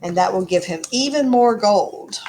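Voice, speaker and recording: A woman's voice: mid-range voice, expressive, normal speed, mellow, a little hiss or hum. A woman teacher reading a storybook aloud and explaining it to her class in a chatty way. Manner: chatty, explanatory, frequent ums.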